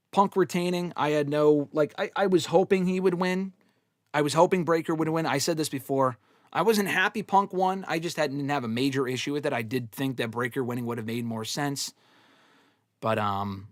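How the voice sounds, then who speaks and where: A man's voice: mid-range voice, no echo, studio quality. A man hosting a live wrestling Q&A show, giving blunt, opinionated takes in a casual, swear-heavy way. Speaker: wrestling podcast host answering fan questions.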